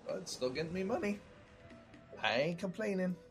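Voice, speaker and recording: A man's voice: high-pitched, animated, moderate pace, faint music behind. A man playing a strategy game in co-op, chatting casually and laughing often. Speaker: co-op gamer. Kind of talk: casual gameplay chat.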